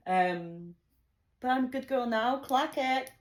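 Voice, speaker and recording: Lively, laughing woman telling a story. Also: high voice, slow pace. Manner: animated, laughing often, swearing freely. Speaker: vlogger. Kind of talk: casual storytime.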